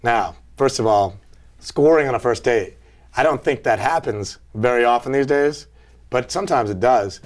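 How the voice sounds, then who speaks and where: Halting male late-night host in his thirties. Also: mid-range voice. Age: 30s. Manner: halting, repeats himself. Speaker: talk show host. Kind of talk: casual late-night banter.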